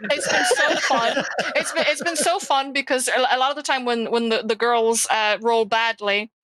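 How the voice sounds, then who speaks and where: A woman's voice: on the high side, steady tone, moderate pace, fairly bright tone, poor audio. A woman guest in casual chat who swears and laughs a lot.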